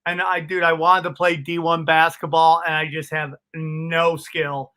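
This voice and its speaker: A little high in pitch and a little slow, a middle-aged comedian guest tells animated stories in a casual interview. He swears freely and keeps calling people "dude" and "bro."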